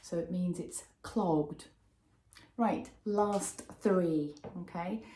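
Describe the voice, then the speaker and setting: A woman's voice: on the low side, drawn-out words, warm tone, a little hiss or hum. A young woman teaching a vocabulary lesson, explaining patiently and checking in with "okay?". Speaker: English teacher. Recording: roomy echo.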